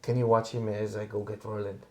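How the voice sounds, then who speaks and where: A man casually playing a tabletop role-playing game, talking haltingly with many fillers. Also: on the low side, level tone. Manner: halting, lots of fillers, switching into character lines. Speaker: player.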